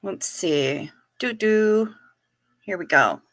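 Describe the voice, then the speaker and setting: Woman, live stream host, casual joking chat, bright tone, dry close sound. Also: medium pitch, animated, slow pace, dry recording. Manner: chatty, joking, reads chat aloud.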